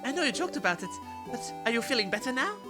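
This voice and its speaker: A streamer voicing Mirabelle, a kind and worried young woman, reading game dialogue in a high, anxious voice. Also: very animated, quick pace, close to an everyday voice. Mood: pleading. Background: game music.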